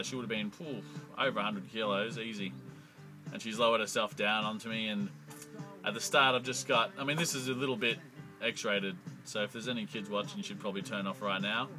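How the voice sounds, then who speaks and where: A man's voice: lowish voice, low-quality recording. A young Australian man telling a crude, profanity-laced comic story in a rambling monologue. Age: young adult.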